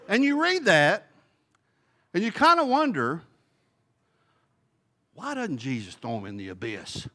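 A man's voice: sits high, sharp tone. A man teaching a Bible study in a folksy, conversational way, thinking aloud and posing questions to the group.

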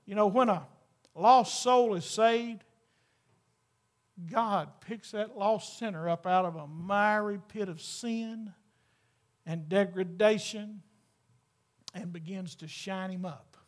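A male pastor, preaching a sermon to a church congregation in a fervent, emphatic way that builds to loud exclamations. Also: high voice, slow pace, long pauses.

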